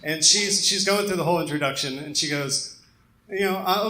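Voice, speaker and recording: Speaking briskly in a fairly high, bright, forceful tone, a young Southern American man works through a self-deprecating comedy club routine full of ums. Crowd laughter rings through the echoey room.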